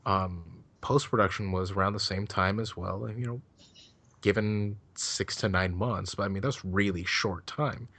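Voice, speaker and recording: A man's voice: lowish voice, steady tone, moderate pace, a bit bright. A man chatting casually on a podcast, rambling loosely and swearing freely as he gives his take on a film. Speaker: podcast co-host. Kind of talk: casual chat.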